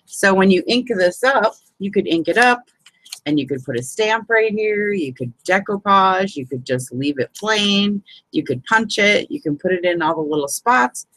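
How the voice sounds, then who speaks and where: A woman's voice: mid-range voice, animated, moderate pace, fairly bright tone, no room sound, poor audio. A woman hosting a casual live crafting hangout, chatting as she shows paper folds and greets viewers. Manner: chatty, fills with "you know what I mean". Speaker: crafting group host.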